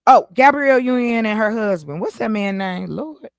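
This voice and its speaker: A woman hosting a casual live stream, animated and joking, swearing freely. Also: a little high, normal speed, vocal fry, no echo. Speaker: stream host. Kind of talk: casual chat.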